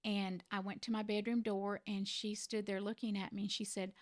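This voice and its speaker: A middle-aged woman who cared for a parent, telling a personal story to the camera in an earnest, reflective way with gentle emphasis. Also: mid-range voice, flat delivery, moderate pace, no room sound, studio quality. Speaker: family caregiver sharing advice.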